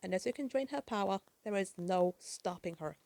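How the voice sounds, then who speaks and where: A woman's voice: medium pitch, expressive, moderate pace, gravelly, mellow, dry recording. A woman reading the lines of a worried, clever young boy sidekick from a comic, anxious and urgent.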